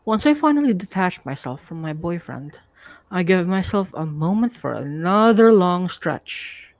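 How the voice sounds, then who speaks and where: A woman hosting a live reading night and narrating a first-person story in a steady, easygoing way. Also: on the low side, measured pace, no room sound. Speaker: host and narrator.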